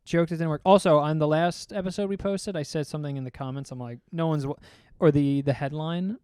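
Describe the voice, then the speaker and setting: Young male podcast co-host, slightly high voice, loose rambling storyteller, dry close mic. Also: fairly even intonation, fairly quick, a little mellow, clean tone, no echo. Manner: rambling storyteller, swears often, acts out quotes. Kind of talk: casual chat.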